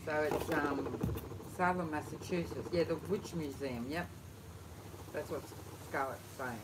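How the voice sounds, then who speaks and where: A man's voice: on the high side, unhurried. A man joining a casual livestream chat with brief, chatty replies. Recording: noisy background.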